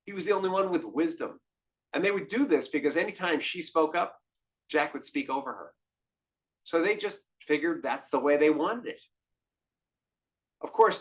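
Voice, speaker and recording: A man hosting a relationship podcast, telling a story as a monologue with dramatic shifts between hushed lines and emphatic ones. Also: fairly high pitch. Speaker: podcast host.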